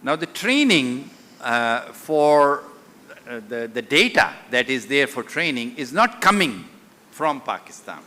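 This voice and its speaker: A man's voice: mid-range voice, very animated, unhurried, sharp tone. A man moderating a conference panel, asking probing questions.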